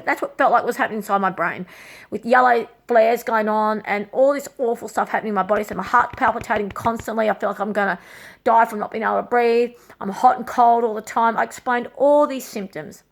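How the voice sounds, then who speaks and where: Brief: middle-aged woman, slightly high voice, raw and agitated, swearing through a personal story. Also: a little fast, gravelly. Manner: raw, agitated, swears often, repeats herself. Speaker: vlogger.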